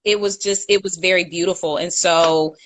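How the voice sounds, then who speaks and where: A woman's voice: lowish voice, steady tone, moderate pace, fairly bright tone, a little hiss or hum. Chatty woman telling a story. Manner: chatty, self-correcting, laughs at her own slips. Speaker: co-host. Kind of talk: casual storytelling chat.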